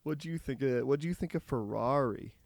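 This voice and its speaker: A man with a gravelly, fry-laden voice chats about films on a casual podcast. He rambles, stops and restarts his sentences as he goes. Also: medium pitch, darkish tone. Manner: rambling, halting, many restarts. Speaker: podcast co-host. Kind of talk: casual movie review chat.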